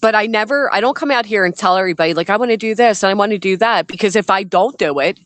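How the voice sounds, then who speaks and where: A woman's voice: mid-range voice, fast, no echo. A woman talking bluntly in casual group chat, exasperated and swearing freely.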